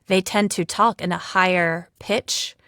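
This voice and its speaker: A woman's voice: fairly low pitch, steady tone, measured pace, pushed and bright, no room sound, studio quality. A woman, a speech therapist and podcast co-host, who talks in a loose, chatty way with lots of fillers. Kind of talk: casual chat.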